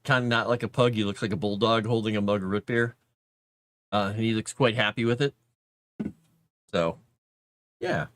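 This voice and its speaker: A man chats on his livestream in a loose, rambling way, tossing out playful asides to his viewers. His pitch swings widely and animatedly. The sound is dry and close, with no room around it. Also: fairly bright tone, no echo. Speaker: streamer and game writer. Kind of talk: casual livestream chat.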